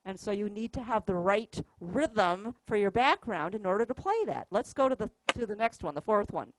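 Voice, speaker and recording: A woman's voice: medium pitch, big pitch swings, normal speed, poor audio. A woman teaching a music workshop, patiently explaining rhythms by counting and singing the notes aloud. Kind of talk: classroom instruction. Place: music store classroom.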